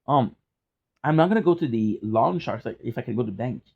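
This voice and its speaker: A man's voice: medium pitch, animated, fairly quick, vocal fry, narrow, tinny audio. A young man chatting casually in a vlog from his apartment, rambling with restarts and casual swearing. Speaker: gaming vlogger. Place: hot apartment.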